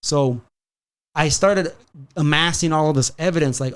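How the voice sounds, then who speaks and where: A man hosting a podcast, telling a story in a casual, profane, animated way and slipping in Spanish phrases. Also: on the high side, moderate pace, clear, resonant tone. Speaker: podcast host.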